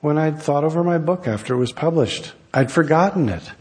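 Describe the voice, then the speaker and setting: A man, an author, reading his own essay aloud in a wry, measured storytelling manner. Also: on the high side, animated, a little mellow, slightly rough, big-room sound. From United States.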